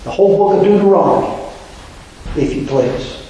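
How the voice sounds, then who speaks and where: A man's voice: sits high, lively intonation, normal speed, mellow, lo-fi sound, slight background noise. A man preaching a sermon in a church, asking his listeners rhetorical questions. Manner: rhetorical, asks the congregation questions. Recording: very echoey room.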